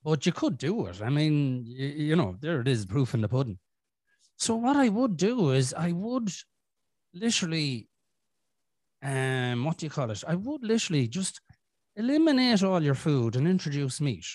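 An Irish man hosting a podcast, talking frankly and swearing, rambling with restarts and clearing his throat from a chest infection. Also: on the high side, very animated, normal speed, a little mellow, no echo. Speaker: podcast host. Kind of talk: casual podcast chat.

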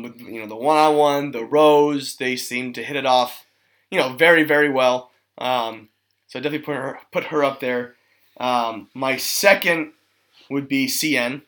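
Wry, bright-voiced podcast co-host man. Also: medium pitch, unhurried. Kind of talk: casual chat.

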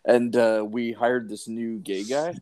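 A man, co-hosting a podcast with relaxed, swearing banter. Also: medium pitch, slow pace, smooth. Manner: laid-back, nostalgic banter with swearing. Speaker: podcast co-host. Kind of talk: casual podcast chat.

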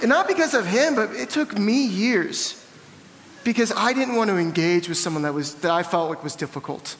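Animated high-voiced preacher. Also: male voice, moderate pace, in a large hall, slight background noise. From American South. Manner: candid storytelling, animated and self-deprecating. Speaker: pastor. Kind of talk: sermon. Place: church hall.

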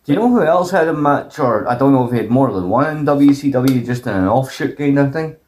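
A man co-hosting a podcast, chiming in with short interjections and slow, drawn-out remarks in casual chat. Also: medium pitch, animated, a little mellow, a little hiss or hum. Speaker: podcast co-host.

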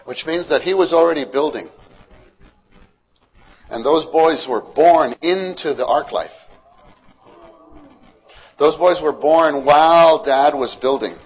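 Husky male preacher, storytelling sermon, keeps throwing questions at the room. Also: a little high, low-quality recording. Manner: questions to the congregation, animated storytelling.

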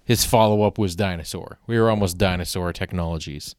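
A man with a very low voice rambles through a casual solo podcast, wry and self-deprecating, restarting his sentences often. The recording is dry and close, with no room sound. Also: brisk, darkish tone, clean tone, dry recording. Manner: swears casually. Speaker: podcast host.

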